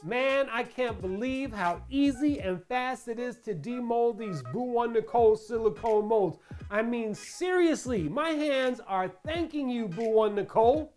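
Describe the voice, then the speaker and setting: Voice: medium pitch, measured pace, darkish tone, faint music behind. A crafting channel host giving a chatty tutorial voice-over, playful and full of asides and questions to the viewers.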